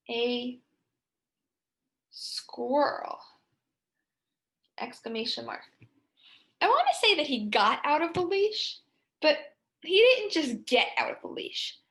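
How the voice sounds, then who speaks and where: Slow, high-voiced teacher for children. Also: female voice. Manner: expressive, sing-song storytelling. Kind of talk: writing lesson for children.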